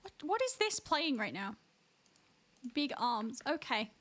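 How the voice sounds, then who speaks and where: A woman's voice: high-pitched, big pitch swings, takes it slowly, fairly bright tone, slight background noise. A woman streaming a game live, chatting and giving running commentary to other players. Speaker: streamer hosting a hide and seek game. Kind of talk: casual livestream chat while gaming.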